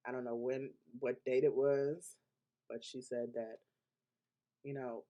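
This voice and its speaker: A man's voice: medium pitch, level tone, measured pace, dull audio. A man giving a weekly astrology forecast in a casual, unscripted monologue. He is emphatic, often laughs between points, and talks loosely with restarts. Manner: loose colloquial speech with restarts.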